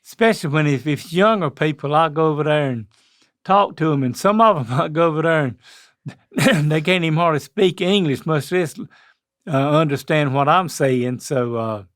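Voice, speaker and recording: An older man with a Southern North Carolina accent, co-hosting a casual chat in a slow, rambling way. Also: fairly high pitch, a bit bright, no room sound, clean studio sound. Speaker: co-host.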